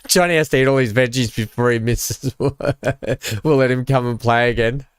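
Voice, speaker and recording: A man's voice: medium pitch, normal speed, clear, resonant tone, dry recording, clean studio sound. A man hosting a live game stream, chatting casually with viewers, joking and laughing often. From Australia. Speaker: live-stream gaming host. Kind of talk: casual live-stream chat while playing.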